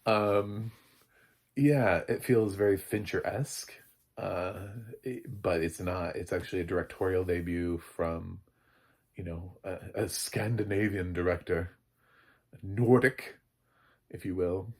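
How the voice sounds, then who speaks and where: A man's voice: low-pitched, steady tone, slow. A man giving a casual, rambling film review with lots of fillers and amused asides. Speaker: film critic.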